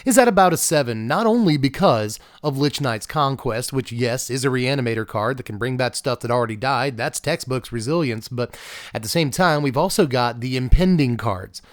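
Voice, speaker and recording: A man's voice: mid-range voice, expressive, normal speed, dry recording, clean studio sound. A man hosting a casual deck-tech video, chatty with offhand asides. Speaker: card game channel host.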